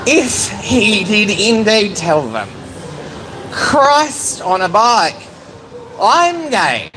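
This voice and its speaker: A woman speaks at an outdoor rally, blunt and indignant, with swearing now and then. Her voice swings widely in pitch while she talks slowly and deliberately, and faint street ambience sits behind her. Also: a bit bright, slight background noise, poor audio. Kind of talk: outdoor public speech. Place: outdoor public speaking event.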